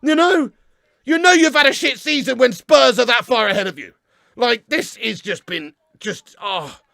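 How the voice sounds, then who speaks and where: High, gravelly, shouting Englishman ranting. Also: moderate pace, no room sound, studio quality. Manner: furious, heavily sweary, shouting rant. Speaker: fan reaction host. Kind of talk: ranting reaction video.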